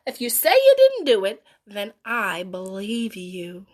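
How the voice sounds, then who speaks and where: A woman reading as a gentle old grandmother. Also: medium pitch, wildly swooping pitch, unhurried, pitched below the performer's own voice. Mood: gentle, tender. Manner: tender, soothing, earnest. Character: kind, gentle elderly grandmother. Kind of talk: storybook read-aloud.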